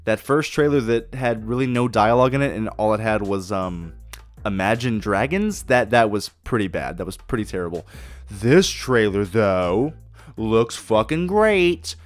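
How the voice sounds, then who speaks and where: A man's voice: fairly low pitch, lively intonation, moderate pace, soft background music. A man hosting a solo podcast, talking casually and enthusiastically with lots of swearing and restarts. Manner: enthusiastic, profane, rambling with restarts. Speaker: podcast host.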